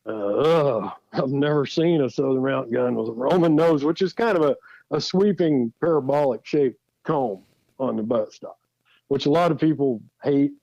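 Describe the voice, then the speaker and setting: A man's voice: mid-range voice, moderate pace, vocal fry, mellow, dry recording, dull audio. A man telling folksy stories as a guest, easygoing and chuckling through his anecdotes. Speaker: guest, rifle builder. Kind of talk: anecdotal storytelling.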